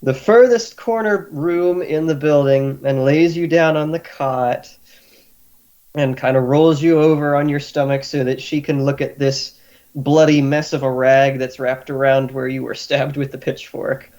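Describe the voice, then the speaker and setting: A man's voice: medium pitch, steady tone, a little slow, darkish tone. A man running a tabletop game as game master, narrating in an easygoing way with many fillers.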